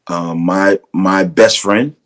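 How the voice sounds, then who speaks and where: A man's voice: deep voice, takes it slowly. A middle-aged man with a Brooklyn accent, a drummer telling stories as a guest, acting out quotes and laughing often. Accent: Brooklyn New York. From Brooklyn, New York. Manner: relaxed storyteller, acts out quotes, laughs often. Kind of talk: casual storytelling interview.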